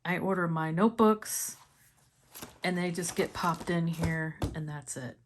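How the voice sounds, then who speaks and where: A woman's voice: on the low side, unhurried, a little hiss or hum. A woman with a Missouri accent chatting casually in a planner review vlog, laughing often and sounding enthusiastic. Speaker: planner vlogger.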